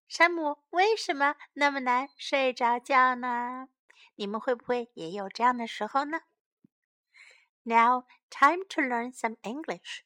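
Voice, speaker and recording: A woman reads a bedtime story for young children, saying each English line and then translating it. Her voice is high, bright and swooping, and she takes her time over every word. Later she repeats short English phrases slowly so children can say them back. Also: expressive, dry recording. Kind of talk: children's bilingual story reading.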